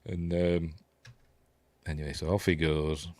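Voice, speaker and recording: A man's voice: very deep voice, flat delivery, a little slow, darkish tone, no echo. A man with a Yorkshire accent hosting a casual film commentary, chatty and rambling, full of fillers and unsure asides. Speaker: host.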